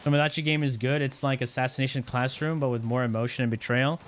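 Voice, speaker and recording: A man chatting on a live stream in a loose, rambling way, getting excited and blunt as he goes. His voice sits at an ordinary middle pitch. A faint hum runs underneath. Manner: rambling, excitable, quick opinions. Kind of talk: casual live-stream chat.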